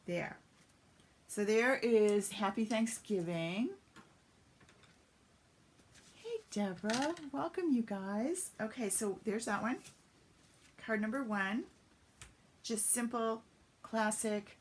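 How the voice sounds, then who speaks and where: A woman's voice: fairly high pitch, slow pace, pauses often, a little hiss or hum. A woman giving a chatty step-by-step craft demonstration on a live stream, greeting viewers as she works. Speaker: papercraft demonstrator.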